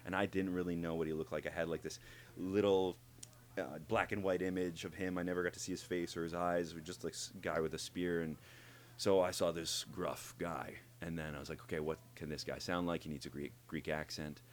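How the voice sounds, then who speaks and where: A man who works as a voice actor, talking in an interview and explaining how he builds his characters, animated and demonstrating as he goes. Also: low-pitched, a little fast. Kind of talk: interview conversation.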